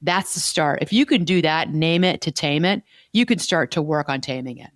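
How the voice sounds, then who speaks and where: Speaking at a moderate pace in a low voice, the therapist-host holds a conversational podcast chat, earnestly explaining her points and repeating key words. The recording is clean studio audio without any room sound.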